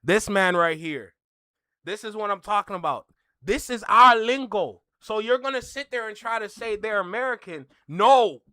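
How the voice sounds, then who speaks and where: A man with a Toronto accent reacts on camera in casual commentary. He sounds heated and incredulous, and he repeats his points. His voice is bright and forceful, with a dry, close sound and no room echo. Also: high voice, lively intonation, moderate pace, smooth, a faint crowd. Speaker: reaction video host.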